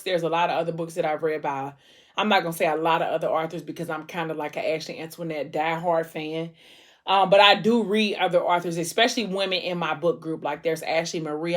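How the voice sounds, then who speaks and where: A young woman chatting at home about a book series she loves, loose and slangy, full of fillers. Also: low-pitched. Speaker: book vlogger. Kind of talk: casual book discussion.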